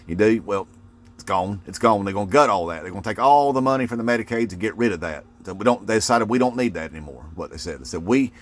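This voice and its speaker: A man's voice: lowish voice, lively intonation, quick pace. A man ranting to camera in a folksy, mocking way, with lots of "uh" fillers. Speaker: political video commentator. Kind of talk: casual rant to camera.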